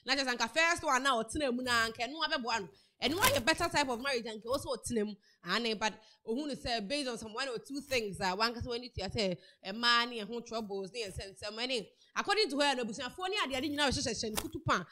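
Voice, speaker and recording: A woman's voice: fairly high pitch, fast talker. A woman with a Ghanaian accent giving casual, chatty celebrity news commentary, retelling a story with lots of repetition. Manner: chatty, animated storytelling with repeated words. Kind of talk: casual news commentary mixing Twi and English.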